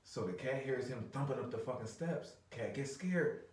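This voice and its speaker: A man's voice: mid-range voice, expressive, normal speed, a little mellow. A man in his thirties, a podcast co-host, telling a story in casual chat, laughing and swearing a lot. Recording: roomy, distant mic.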